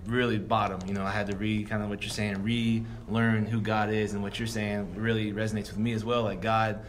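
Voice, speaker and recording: A man's voice: lowish voice, level tone, a little fast, a little hiss or hum. A young man in his twenties, a guest sharing a personal faith story in a rambling, earnest way full of fillers. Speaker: guest, football player. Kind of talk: reflective personal testimony.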